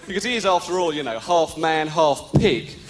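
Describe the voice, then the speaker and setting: A man's voice: a little high, animated, normal speed, echoey room. A man doing live stand-up in a theatre, teasing the crowd in a sardonic way. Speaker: stand-up comedian. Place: theatre stage. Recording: live theatre recording with loud audience.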